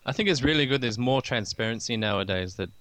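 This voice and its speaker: A man co-hosting a casual gaming podcast who gives his opinions in a measured way. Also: medium pitch, lively intonation, fairly bright tone, dry recording. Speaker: podcast co-host. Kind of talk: casual chat.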